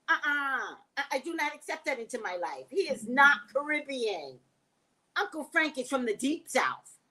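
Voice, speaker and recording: A woman's voice: high voice, slightly rough. A woman hosting a casual live stream, reading viewer comments aloud and answering them in a blunt, joking way. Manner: blunt, joking, lively, laughs often.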